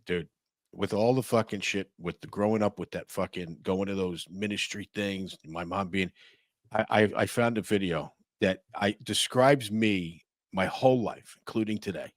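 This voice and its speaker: A man's voice: low voice, normal speed, no echo, studio quality. A middle-aged man co-hosting a podcast, chatting casually, swearing bluntly and laughing at his own stories. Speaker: podcast co-host. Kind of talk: casual chat.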